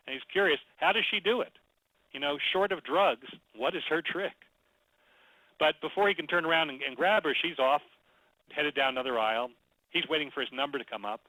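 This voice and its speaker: A man presenting a storytelling webinar in a conversational, animated way, telling a story as he teaches. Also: mid-range voice, a little fast, no room sound, poor audio. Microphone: computer mic, webinar audio.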